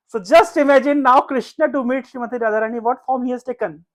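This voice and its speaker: A man's voice: very high voice, moderate pace, pauses often. A man giving a devotional talk at a home gathering. He tells a sacred story in an earnest, conversational way, full of fillers and restarts. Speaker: speaker at a devotional house program.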